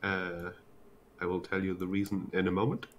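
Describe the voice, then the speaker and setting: Deep-voiced guy gm, explains slow and careful, lots of uhs and restarts. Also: monotone, slight background noise. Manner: measured, explanatory, frequent fillers and restarts. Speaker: game master. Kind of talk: narrating a tabletop game.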